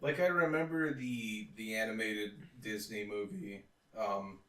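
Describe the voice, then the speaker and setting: A man's voice: lowish voice, fairly even intonation, unhurried, bright, forceful tone, recorded from a distance. Joking young man, echoey and off-mic. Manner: joking, profane, storytelling. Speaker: podcast co-host. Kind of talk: casual chat. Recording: roomy echo, off-mic.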